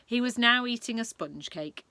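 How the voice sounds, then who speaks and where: A woman reading a children's book aloud with expressive narration. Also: a little high, normal speed, gravelly, no echo. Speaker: children's storyteller.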